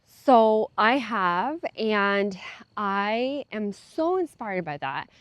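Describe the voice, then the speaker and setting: A woman's voice: medium pitch, animated, very slow, no echo. Chatty young woman vlogger, dry sound. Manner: chatty, many fillers and laughs. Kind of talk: casual talk to camera.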